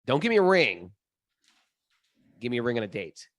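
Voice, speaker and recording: A man's voice: mid-range voice, sing-song, moderate pace, fairly bright tone, no room sound, studio quality. A man co-hosting a podcast, chatting in a joking, emphatic way. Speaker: podcast co-host. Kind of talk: casual chat.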